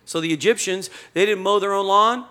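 A male pastor delivers a sermon in a loose, conversational way and acts out the stories as he goes. His voice is bright and clear, sitting a little high for a man. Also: brisk. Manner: conversational, animated storytelling preaching.

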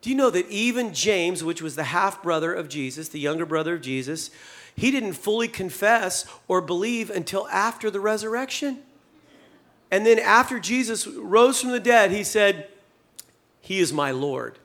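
High-voiced man preaching a playful sermon. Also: normal speed, fairly bright tone. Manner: conversational and humorous, acting out scripture dialogue. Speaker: pastor.

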